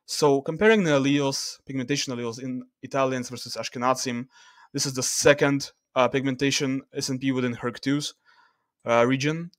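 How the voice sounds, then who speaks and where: A man in a casual screen-share video talks through data in a middle-pitched voice, halting and restarting as he reads the numbers off the screen. The sound is close and dry, with no room around it. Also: fairly even intonation, no echo. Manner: loose and halting, many fillers and restarts, reading off data. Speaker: video creator.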